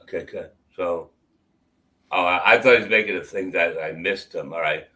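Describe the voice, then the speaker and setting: A man with a lowish, bright, forceful voice jokes bluntly on a casual live stream. He talks over the others and goes through the songs on his list. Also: normal speed. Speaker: stream co-host reacting to music.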